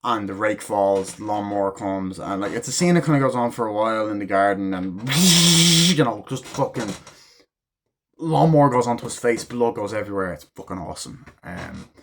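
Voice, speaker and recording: A man's voice: lowish voice, a little fast, noisy background. A man giving a casual spoken movie review, swearing freely and acting out the characters' lines as he retells the scenes. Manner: excitable, profane retelling that acts out character quotes.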